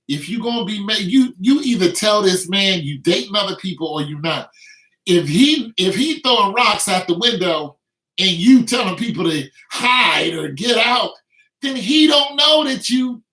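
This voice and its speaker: A boastful man in his fifties tells a casual story, heavy on slang and laughing as he goes. His voice is high and a bit bright, recorded in a roomy space far from the mic.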